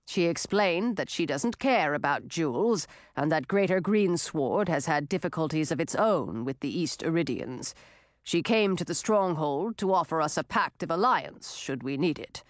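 Woman doing a deep, slow old dragon king. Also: expressive, no room sound, studio quality. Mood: solemn. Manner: slow, solemn, low voice. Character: old male ice dragon king, grave, measured. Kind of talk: audiobook character reading.

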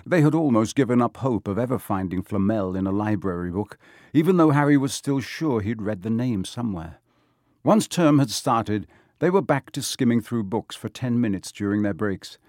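Low-voiced male audiobook narrator. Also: animated, darkish tone, dry recording, studio quality. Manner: measured storytelling. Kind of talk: scripted narration.

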